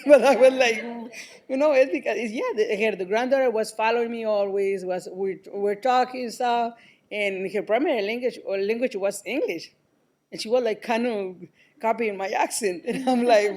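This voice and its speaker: A woman's voice: fairly high pitch, moderate pace. A woman preschool teacher on a panel, telling a story hesitantly with many ums and easy laughter. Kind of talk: casual anecdote on a panel.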